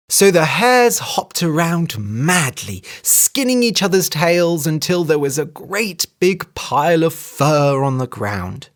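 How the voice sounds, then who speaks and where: A teacher reading a children's story for English learners in a clear, expressive voice. The telling rises and falls in a lively way, at a middle pitch. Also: slow, hardly any pauses.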